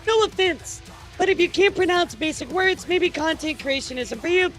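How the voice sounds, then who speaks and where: Woman streamer, high voice, excitable rambling chat, stammers and swears, faint music behind. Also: moderate pace. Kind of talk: casual live-stream news chat.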